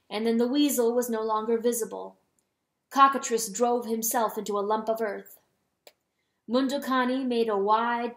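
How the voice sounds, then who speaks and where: A woman's voice: fairly high pitch, a bit bright. Echoey dramatic woman storyteller. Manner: dramatic, slowing on solemn words. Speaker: audiobook reader. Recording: roomy echo.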